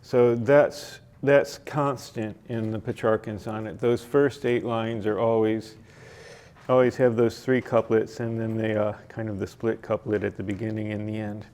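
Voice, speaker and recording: A man leading a library poetry workshop, explaining sonnet form slowly with frequent fillers and restarts. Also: fairly low pitch, little pitch movement, a little mellow. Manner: slow, halting explanation with many fillers and restarts. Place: library meeting room.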